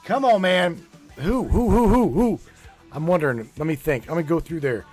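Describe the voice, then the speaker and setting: A man hosting a live call-in show, playful and teasing, with drawn-out exclamations. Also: fairly high pitch, animated, darkish tone, faint music behind.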